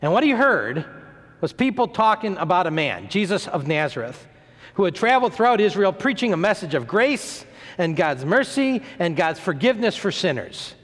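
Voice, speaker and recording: Male preacher, high lively voice, storytelling sermon, long hall reverb. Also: normal speed. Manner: animated, acts out quoted voices, stumbles and repeats words. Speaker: pastor.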